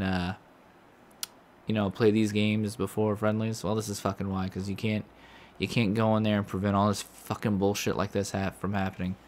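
A man's voice: on the low side, slight background noise. A man commentating his own video game play, swearing and ranting in frustration at the game. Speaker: gaming commentator.

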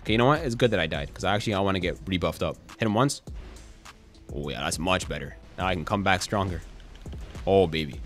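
A young man giving casual, excitable gameplay commentary, swearing and cracking jokes as he plays. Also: low-pitched, quick pace, soft background music. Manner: excitable, swearing, jokey, quotes song lines and memes. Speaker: gaming YouTuber.

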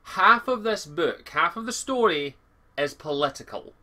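A man's voice: on the high side, lively intonation, measured pace, pushed and bright. A young Scottish man giving a casual book review, rambling and correcting himself often with lots of fillers.

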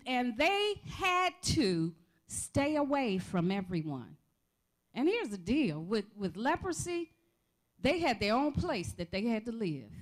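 A woman preaching a sermon in a church, calling out to the congregation for responses with shouts of praise. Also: sits high. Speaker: pastor. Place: church sanctuary.

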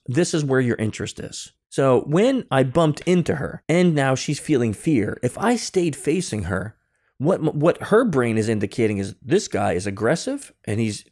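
Animated storytelling man on a remote call. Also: medium pitch. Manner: animated, acts out dialogue, many restarts. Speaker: guest, security consultant. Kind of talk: conversational storytelling.

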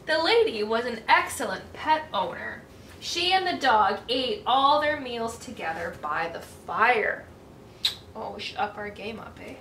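A woman reading a picture book aloud to children in an animated way, asking her listeners questions as she goes. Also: on the high side, measured pace. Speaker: children's storyteller. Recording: echoey room, distant mic, faint hiss.

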